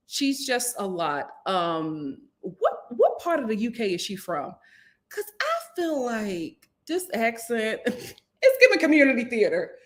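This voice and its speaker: A woman hosting her own channel, reviewing reality TV in a casual, slangy, expressive chat that jumps high for emphasis. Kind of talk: casual vlog commentary.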